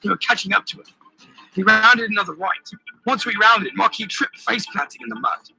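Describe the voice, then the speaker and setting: A man's voice: high voice, normal speed, vocal fry, over music, low-quality recording. A man narrating his own pirate adventure audiobook in the first person, telling the action vividly. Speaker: author reading his own novel.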